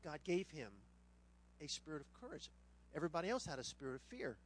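A middle-aged male pastor delivers a sermon with a personal anecdote, his high voice swinging widely up and down. Very animated and brisk, he slips into humorous storytelling and does voices for the people in his tales, with a little hiss or hum in the audio.

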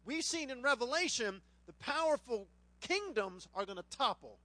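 A middle-aged male pastor preaching, his voice sitting high and swinging widely up and down. He slips into humorous storytelling and puts on voices for the people in his tales. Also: big pitch swings, moderate pace, pushed and bright, dry recording. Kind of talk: sermon with a personal anecdote.

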